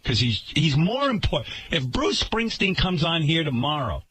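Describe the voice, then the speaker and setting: In a radio studio, a male host rants indignantly and sarcastically about how his workplace is managed, in a talk-radio monologue with swinging pitch. His voice is husky and a bit bright, very animated, at a moderate pace.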